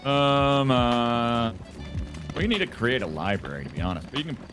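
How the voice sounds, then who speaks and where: A man's voice: mid-range voice, expressive, moderate pace, over music. A man in a role-play game, telling a rambling story casually with many fillers and restarts.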